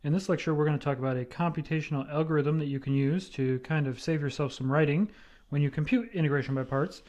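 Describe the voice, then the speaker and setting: A man's voice: on the high side, fast talker, darkish tone. A man lecturing on math, explaining step by step and checking in often with "right?". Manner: explanatory, repeats with "right?" and fillers.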